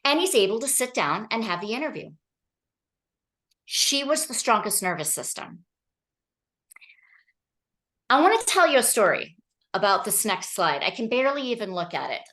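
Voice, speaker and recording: A woman giving a training talk to an audience, telling stories in an animated way and often checking in with "okay?" and "right?". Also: on the high side, moderate pace, long pauses. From Colorado.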